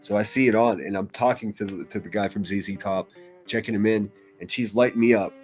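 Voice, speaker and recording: A man's voice: fairly low pitch, a little fast, a little mellow, faint music behind. A man hosting a casual livestream, reading chat comments aloud and rambling in a loose, profane way. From United States. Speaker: livestream host.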